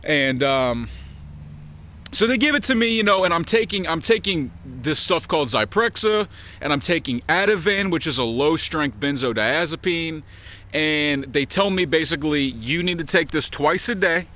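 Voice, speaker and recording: Slightly high-voiced, with lively intonation and a moderate pace, a man in his thirties rambles through a candid vlog monologue. He's blunt, curses nonstop, and restarts sentences as he circles back. It's a dull, muffled, lo-fi recording.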